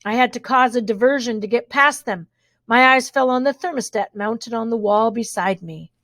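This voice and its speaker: A woman's voice: on the high side, normal speed, a bit bright, no echo. A woman reading a children's adventure book aloud with expression, dropping in wry asides of her own. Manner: reads expressively, adds wry spoken asides. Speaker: storybook reader.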